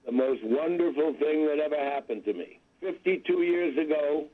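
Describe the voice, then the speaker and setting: A comedian in his seventies calls in as a guest for a phone-in interview, speaking at a normal speed in a fairly high-pitched voice. He's wry and rambling, dropping self-deprecating asides, and the telephone line sounds tinny.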